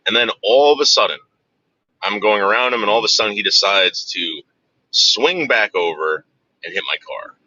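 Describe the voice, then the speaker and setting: Expressive and pushed bright, this low-voiced storyteller works through a crude, meandering anecdote at a moderate pace, with long pauses and frequent self-interruptions as he circles back. The audio is dull, dry, and lo-fi.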